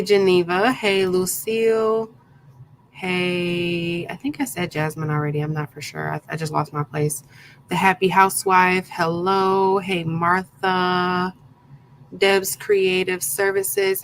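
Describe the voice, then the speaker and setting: A woman's voice: on the low side, level tone, takes it slowly, a little hiss or hum, poor audio. A woman hosting a live craft tutorial, chatting casually and greeting her viewers one by one by name, with plenty of ums along the way. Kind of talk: casual live-stream chat.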